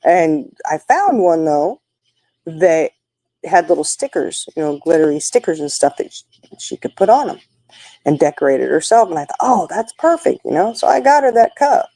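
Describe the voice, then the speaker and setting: An older woman hosts a livestream, chatting casually with viewers and spinning folksy stories. Her voice is deep and warm, with no echo, though the recording quality is low.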